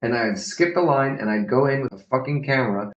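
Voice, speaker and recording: A man hosting a course, talking in a loose, profane storytelling way and acting out the voices of the people he quotes. His voice sits at an ordinary pitch. It comes through roomy and dull, like lo-fi call audio. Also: a little fast. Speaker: course host. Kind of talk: casual storytelling on a group call.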